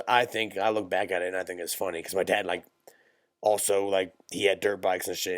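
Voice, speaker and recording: A young podcast co-host with a low voice tells rambling, profane, jokey stories in quick bursts during casual chat. The sound is clean, studio-grade and free of echo.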